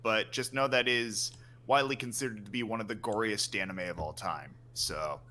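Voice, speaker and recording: A man's voice: lowish voice, moderate pace, sharp tone. A man chatting casually on a stream, mostly giving short agreements and eager recommendations. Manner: enthusiastic recommender, brief affirmations. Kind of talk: casual chat.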